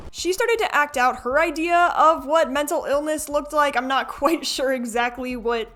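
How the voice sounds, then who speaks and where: A woman's voice: high-pitched, normal speed, a bit bright, soft background music. A woman narrating a scripted commentary video in a wry, gossipy, conversational way. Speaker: commentary host.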